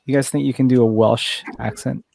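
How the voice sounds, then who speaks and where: A man's voice: mid-range voice, fairly even intonation, brisk, creaky, a little mellow. A man chatting casually with friends, hesitant, stopping and restarting often. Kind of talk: casual chat among friends.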